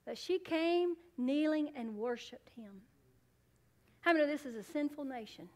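A woman pastor preaching a sermon, swinging between loud emphatic bursts and hushed, low asides. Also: moderate pace.

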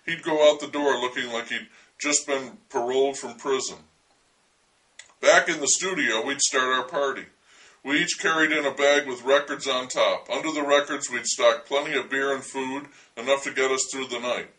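Male storyteller, wry and dryly humorous, bright tone, set back from the mic. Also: mid-range voice, steady tone, normal speed, far from the mic, low-quality recording. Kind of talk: storytelling memoir narration.

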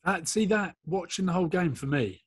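Husky guy bantering and cursing with his mates, dry close sound. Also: sits high, lively intonation, brisk, no echo. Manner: swearing, teasing, laughs a lot. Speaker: podcast co-host and rugby player. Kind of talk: casual banter.

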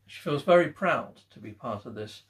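A man's voice: mid-range voice, expressive, normal speed, fairly bright tone. A British man chatting casually to camera as a vlog co-host and explaining things at length. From United Kingdom. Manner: explanatory, leads the talk.

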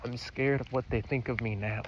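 A man's voice: mid-range voice, fairly even intonation, moderate pace. Young man rambling on a noisy walk. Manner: self-deprecating, confessional, heavy swearing. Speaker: vlogger. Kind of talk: rambling walk-and-talk vlog. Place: outdoors on a walk, rural. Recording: muffled outdoor recording with loud ambient noise.

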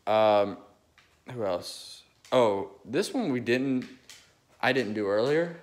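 A man's voice: medium pitch, lively intonation, takes it slowly. A young man chatting casually and rambling eagerly between his impressions, recorded on a phone. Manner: rambling, restarts often, eager. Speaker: amateur impressionist.

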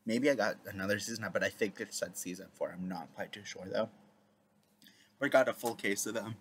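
A man's voice: lowish voice, fairly quick, slight background noise. A man, the video creator, chatting casually and rambling with many fillers. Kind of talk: casual reaction chat.

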